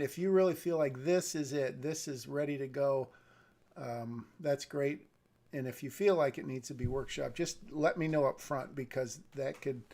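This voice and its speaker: A man's voice: medium pitch, vocal fry, darkish tone. A man reading a screenplay on a live stream and thinking aloud about it, often hedging and correcting himself. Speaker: script reader giving feedback.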